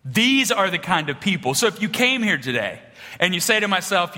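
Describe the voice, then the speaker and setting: Man, pastor, sermon in a big reverberant hall; bright, lively pitch, animated storyteller. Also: fairly quick. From small-town rural upbringing. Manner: animated storytelling, swings between loud punchlines and hushed low passages.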